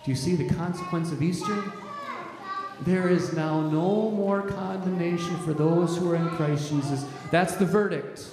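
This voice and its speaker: A high-pitched man speaking at normal speed preaches a sermon as a pastor. He is emphatic and repetitive and frequently restarts his words, and the recording has the strong reverb of an echoey hall.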